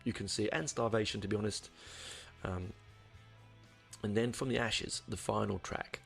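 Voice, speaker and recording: A man with a low, gravelly voice hosts a podcast and talks his way through an album review. He rambles, full of ums and restarts. Faint music sits underneath. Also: fairly even intonation, normal speed, fairly bright tone. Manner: rambling, many fillers and restarts. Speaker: podcast host. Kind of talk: casual album review monologue.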